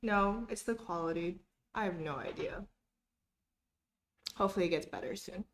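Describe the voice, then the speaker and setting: A woman's voice: medium pitch, normal speed, a little hiss or hum. A young woman hosting a live study stream at home, reading viewer comments aloud and greeting people by name in a chatty, upbeat way.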